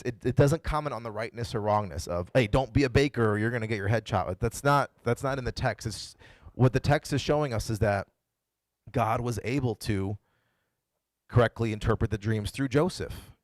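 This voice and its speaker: In a dry recording, a man with a mid-range voice preaches in a relaxed, chatty style. This pastor recounts the story his own way, having fun voicing the people he quotes.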